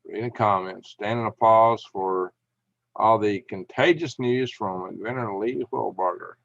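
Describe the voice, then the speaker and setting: A middle-aged man with a gravelly, creaky voice hosts a casual livestream from home, reading out viewer comments and answering them in a folksy, chuckling way. The sound is dry and a little dull, like a lo-fi home mic. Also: lowish voice, a little slow, a bit bright, no room sound. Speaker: livestream host.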